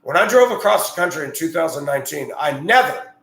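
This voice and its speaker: A man's voice: fairly high pitch, animated, fast talker, vocal fry. A man who drives a school bus, talking in a blunt, rambling, opinionated monologue. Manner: blunt, rambling, gets heated and loud. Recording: echoey room.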